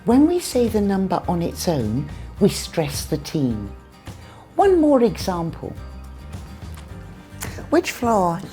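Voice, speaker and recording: A woman with a British accent teaching English pronunciation in a scripted lesson, saying numbers clearly and deliberately. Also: lowish voice, huge pitch swings, mellow, soft background music. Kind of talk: scripted lesson with acted skits.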